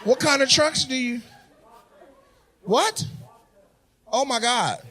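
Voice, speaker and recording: A male stand-up comedian doing loud, teasing crowd work, often laughing as he talks. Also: very high-pitched, takes it slowly.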